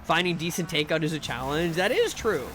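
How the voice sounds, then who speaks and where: A man streaming live, chatting casually with his viewers in a rambling, profane way, with bursts of excited sing-song greetings. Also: fairly high pitch, brisk, over music.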